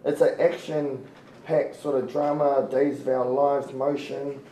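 A man's voice: medium pitch, flat delivery, slow, mellow. An eager, boastful man, chatting casually as an aspiring actor. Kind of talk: casual chat. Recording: roomy echo with faint noise.

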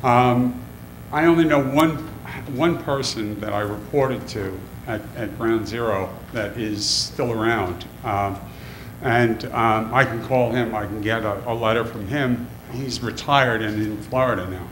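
A man in the audience of a public forum, asking a question haltingly with many pauses and fillers, emotional. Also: mid-range voice. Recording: echoey hall, audible room noise.

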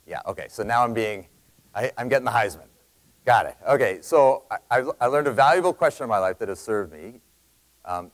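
A Canadian man giving an energetic sales talk to a live audience, telling a story in quick bursts with loud emphasis. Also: mid-range voice, rough recording. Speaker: sales speaker.

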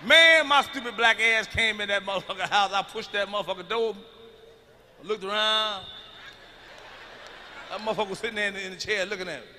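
A middle-aged man performing a stand-up comedy routine, telling stories loudly and with plenty of profanity. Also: sits high, fairly quick, long pauses, slight background noise. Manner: loud, profane storytelling. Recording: live arena recording with long reverb.

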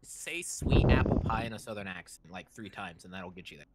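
A man's voice: on the low side, a little fast, very noisy. A young man playing a tabletop game, speaking in a dry, matter-of-fact way. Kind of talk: casual tabletop chat.

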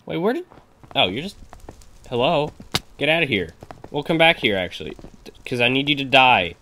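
A young man commentating his own gameplay, excitable, laughing often and talking at his opponents. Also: medium pitch, normal speed, a little hiss or hum. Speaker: gaming commentator.

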